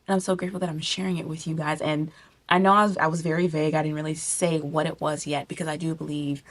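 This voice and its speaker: A woman's voice: deep voice, level tone, fast talker. A young woman talking to camera in a personal vlog, gushing and repeating herself, close to tears at times. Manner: gushing, repetitive, tearful at times. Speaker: vlogger. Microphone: camera mic.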